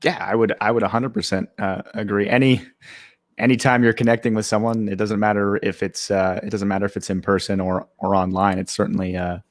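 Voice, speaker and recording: Low-voiced young man, relaxed and dry. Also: brisk, no room sound. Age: young adult. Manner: relaxed, many fillers and restarts. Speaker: guest, startup co-founder. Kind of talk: casual live-stream interview.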